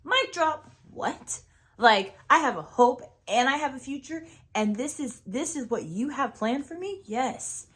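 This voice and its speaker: A woman's voice: high-pitched, lively intonation, a little slow, a bit bright. A young adult woman hosting a podcast, talking earnestly and casually about her faith and trust in God. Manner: earnest, conversational, preachy at times. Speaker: podcast host. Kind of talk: faith-based personal talk.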